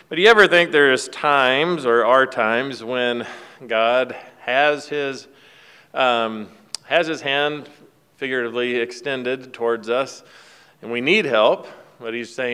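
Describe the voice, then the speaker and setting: A man's voice: mid-range voice, a little slow, sharp tone, smooth. A man giving a casual devotional talk, retelling a film scene in a folksy, rambling way with fillers and restarts. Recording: long hall reverb.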